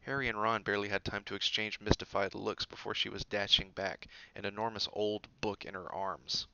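A man with a low, gravelly voice and a bright, forceful edge reads a storybook aloud. His narration is steady and expressive. The recording is dull and dry. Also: a little fast, few pauses, a little hiss or hum. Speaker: audiobook reader.

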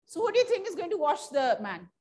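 High-voiced Indian woman teaching English. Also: big pitch swings, fast, darkish tone. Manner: asks the class questions and answers them herself. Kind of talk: classroom lesson, reading a story aloud and explaining.

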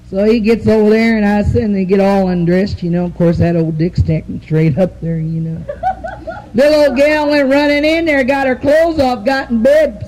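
A woman's voice: on the high side, warm tone, poor audio. Woman stand-up, brassy and bawdy, laughs along with her own jokes. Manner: brassy, laughing through the punchlines. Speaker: stand-up comedian.

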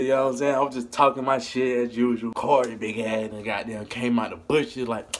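A man telling a funny story about his youth in a casual, animated, profane way, laughing as he goes. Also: mid-range voice, brisk. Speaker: vlogger.

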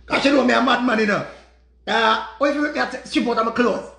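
High gravelly Jamaican man ranting. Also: quick pace, pushed and bright, reverberant. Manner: repetitive, profane, dramatic retelling. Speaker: vlogger. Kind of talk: animated storytelling rant.

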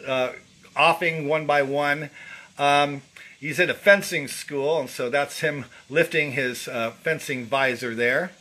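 A man's voice: fairly high pitch, sharp tone, a little hiss or hum. A middle-aged man casually walking through his own painting, rambling with lots of fillers and restarts. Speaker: painter showing his artwork. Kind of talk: casual walkthrough commentary.

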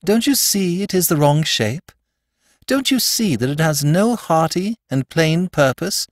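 A man voicing a mild, dreamy priest detective who speaks in a low, musing, solemn way. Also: expressive, moderate pace, no echo, clean studio sound. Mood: earnest.

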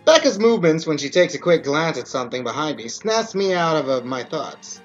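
Gamer reading a story game aloud, lively pitch, cussing asides, lo-fi with music. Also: fairly quick. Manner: swears a lot, laughs, animated asides. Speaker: game player.

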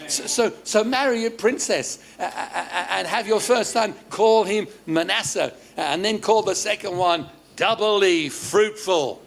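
High, unhurried Australian pastor in church. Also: male voice, gravelly. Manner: restarts words, jokes, quizzes the audience. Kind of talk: lively sermon to a congregation. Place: church service.

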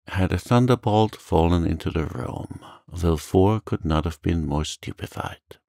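A man with a very low, gravelly voice narrates a sleep story in a slow, soothing, soft-spoken way. The sound is close and dry, with no room around it. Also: dry recording. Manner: calm, soothing. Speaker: audiobook narrator.

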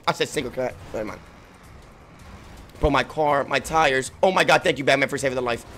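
A man giving frantic, profane gameplay commentary, yelling, laughing and trash-talking while he plays, his voice giving out. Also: mid-range voice, brisk, soft background music. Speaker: gaming streamer.

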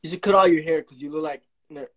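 On a laid-back phone livestream, a young male host with a fairly high, steady voice and quick pace brags and exchanges insults with a caller. He's brash, trash-talking, and keeps repeating his taunts.

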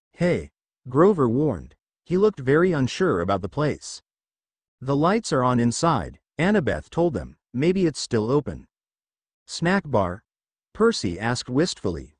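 A man's voice: medium pitch, no echo. A man narrating a fan fiction adventure story aloud, reading every character in near his own voice.

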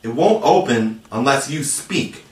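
A man voicing an excitable, cocky young boy hero in a storybook reading, calling out loud and urgent. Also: medium pitch, measured pace, natural voice. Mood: challenging. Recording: roomy, distant mic.

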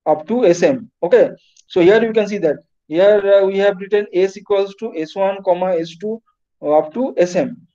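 A man lectures over a video call, pausing on fillers and breaking off his words. His voice sits high and mellow. The call audio is dull and lo-fi. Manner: halting, many fillers and restarts. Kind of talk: online class lecture.

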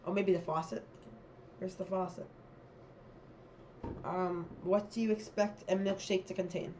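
A young woman with a slightly low voice talks casually to camera, reading questions and thinking aloud. Her chat rambles and circles back to answers. A faint hum of background noise sits under the recording. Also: steady tone, unhurried, a little mellow. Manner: chatty, thinking aloud, reads questions then muses. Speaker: vlogger. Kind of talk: casual quiz commentary.

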